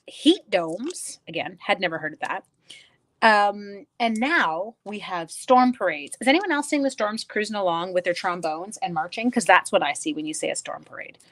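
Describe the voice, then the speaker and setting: A woman's voice: medium pitch, lively intonation, moderate pace, fairly bright tone. A middle-aged woman teaching a card-making class live, chatting casually, greeting viewers by name and making self-deprecating asides. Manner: rambling storyteller mid-task. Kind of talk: casual live-stream craft tutorial.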